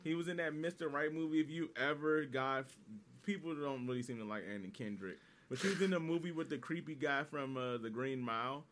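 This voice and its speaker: A man's voice: a little high, brisk, fairly bright tone. A man chatting casually as a co-host, teasing his friend, laughing often and cutting in. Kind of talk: casual chat.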